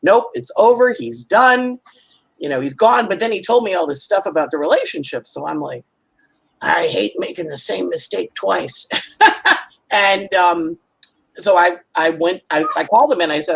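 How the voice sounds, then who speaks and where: A woman's voice: on the low side, normal speed, creaky, breathy edge, low-quality recording. A middle-aged woman astrologer chatting casually on a podcast, telling stories with lots of acted-out quotes and frequent laughs. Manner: animated storytelling, acts out quoted voices, laughs often. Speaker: astrologer guest.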